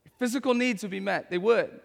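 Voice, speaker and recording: A man's voice: high-pitched, fairly quick, vocal fry, big-room sound. A man in his thirties preaching a sermon as a pastor, conversational, tossing in tag questions and stories from home.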